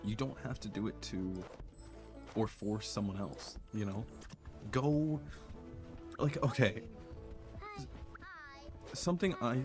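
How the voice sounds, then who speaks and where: A young man streaming a game, talking in a soft, earnest, rambling way with many fillers and restarts. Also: lowish voice, slow pace, pauses often, music in the background. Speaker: gaming streamer. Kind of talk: reflective casual chat while playing.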